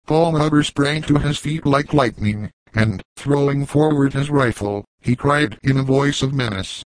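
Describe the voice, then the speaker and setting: Man narrating an old novel, even formal delivery, middle voice, dry. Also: mid-range voice, unhurried, few pauses, dry recording, rough recording. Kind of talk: audiobook narration of a classic novel.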